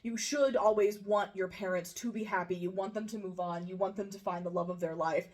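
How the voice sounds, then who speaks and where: A woman co-hosting a podcast, chatting casually, animated and quick to laugh. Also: medium pitch. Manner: animated, laughs often, thinks out loud. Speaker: podcast co-host. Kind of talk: casual chat.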